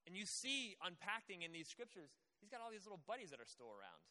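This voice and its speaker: A man's voice: high voice, very animated, quick pace, few pauses, bright, forceful tone. A young man preaching a casual sermon, speaking conversationally and acting out quoted voices. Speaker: pastor. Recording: long hall reverb.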